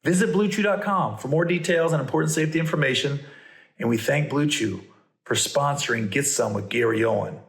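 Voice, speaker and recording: A middle-aged man, a comedian hosting a podcast, telling stories and reading ads in a playful, animated way with stammering restarts. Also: medium pitch, a little fast, vocal fry. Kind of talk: casual storytelling and ad reads. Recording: roomy echo.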